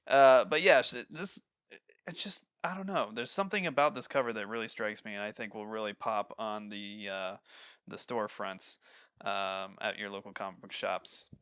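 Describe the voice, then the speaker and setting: A man's voice: fairly low pitch, steady tone, moderate pace, fairly bright tone, clean tone, dry recording, studio quality. A man from Ohio hosting a casual podcast, rambling with fillers and frequent laughs. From Ohio, USA. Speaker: podcast host. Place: home.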